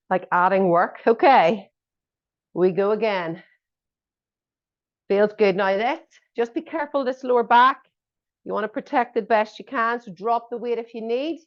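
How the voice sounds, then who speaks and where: A woman's voice: a little high, a little slow, long pauses. A woman fitness instructor coaching a workout class, giving encouraging cues and joking asides. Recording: dull lo-fi audio.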